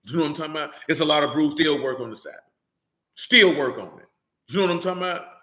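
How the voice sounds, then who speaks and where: A man preaching a fiery, blunt sermon, scolding his listeners with rhetorical questions and rising to shouts. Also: fairly high pitch, fast, reverberant. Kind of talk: fiery street-style sermon.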